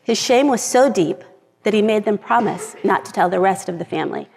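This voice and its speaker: A woman's voice: mid-range voice, lively intonation, a little fast, creaky, darkish tone. A middle-aged woman giving an earnest personal talk from a script to a live audience. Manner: earnest, reads from a script, gets emotional at times. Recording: long reverb of a large hall.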